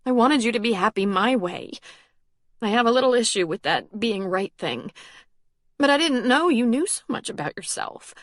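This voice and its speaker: A woman's voice: fairly high pitch, expressive, moderate pace, dry recording, clean studio sound, pitched above the performer's own voice, lightly acted. A woman reading an audiobook and voicing a pregnant, meddling older sister who talks pointedly and gets teary. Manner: pointed, teary, a bit bossy.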